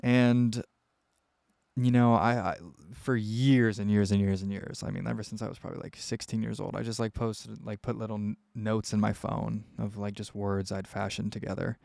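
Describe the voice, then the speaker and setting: Gravelly young man, candid podcast ramble. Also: fairly low pitch, flat delivery, moderate pace, darkish tone, no room sound. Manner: candid, rambling, with frequent fillers. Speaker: podcast host answering listener questions. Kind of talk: casual solo podcast.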